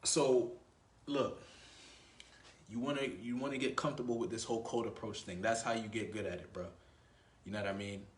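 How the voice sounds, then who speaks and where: Recorded in a grocery store, a dating coach with a lowish voice gives casual, laid-back dating advice as an instructional monologue. He swears freely and acts out both sides of a conversation. The room is echoey, with slight background noise.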